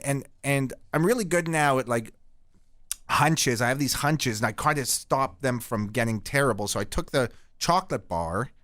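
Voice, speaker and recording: A middle-aged man from Canada rambles through profane stories in a deadpan comic tone, his voice at a typical pitch for a man. He hosts a podcast, and his voice sounds dry and close, with no echo. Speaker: podcast host. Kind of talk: casual profane storytelling.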